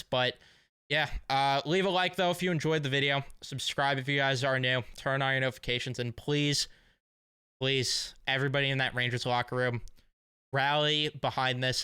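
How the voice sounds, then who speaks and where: A man's voice: medium pitch, fairly even intonation, normal speed, pushed and bright, clean tone, dry recording, clean studio sound. A young man hosting a sports fan vlog, talking in a casual, emotional, rambling way full of fillers. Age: young adult. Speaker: sports fan channel host.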